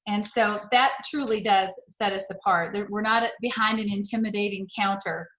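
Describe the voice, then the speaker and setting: A woman's voice: medium pitch, steady tone, normal speed. Middle-aged woman telling stories on a video call. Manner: warm, storytelling, enthusiastic. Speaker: sales director. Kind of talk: motivational sales talk on a video call. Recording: echoey room on a video call.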